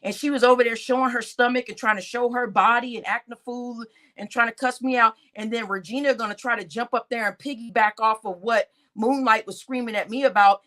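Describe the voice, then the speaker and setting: A woman with a slightly high voice rants to her viewers in a loose, profane way. She tells the story in an animated style and keeps speaking directly to the audience. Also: a little fast, few pauses. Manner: talks straight to her audience as y'all. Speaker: channel host. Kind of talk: casual venting to viewers.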